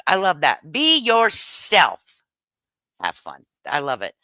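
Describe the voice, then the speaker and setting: Talking into a headset mic in her home kitchen, a middle-aged woman livestreams in a chatty, laugh-filled way, dropping Southern slang. Her low voice swings hugely in pitch, moving slowly with a sharp tone, in a dry, low-quality recording.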